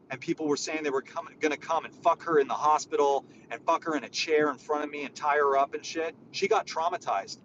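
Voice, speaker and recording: A man's voice: fairly high pitch, muffled recording, background noise. A man hosting a live audio chat, talking in a rambling, profane and exasperated way. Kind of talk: casual chat.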